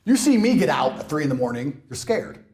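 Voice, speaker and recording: A man in a heated interview, ranting in a brash, mocking way, swinging between loud outbursts and low mutters. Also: very animated, brisk. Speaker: interview guest. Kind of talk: heated rant.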